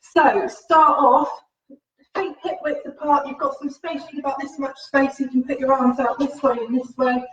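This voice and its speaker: A woman's voice: sits high, steady tone, normal speed. A woman fitness instructor leading a live-streamed home workout, upbeat and encouraging, slightly out of breath as she exercises while talking. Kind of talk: live-streamed workout class with faith reflection. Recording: roomy, distant, dull livestream audio.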